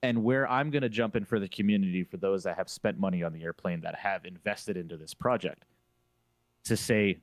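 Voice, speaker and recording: A flight sim streamer on a panel discussion speaks in a deep voice, fairly quickly, with no echo. He talks emphatically and opinionatedly, repeating phrases to drive his point home.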